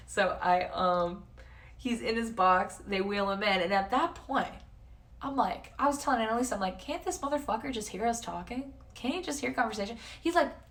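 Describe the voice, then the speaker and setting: A woman's voice: mid-range voice, fairly bright tone. Chatty young woman streamer, slightly distant mic. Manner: chatty, swears a lot, says "like" constantly. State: losing her voice. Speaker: livestreamer. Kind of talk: casual chat to stream chat.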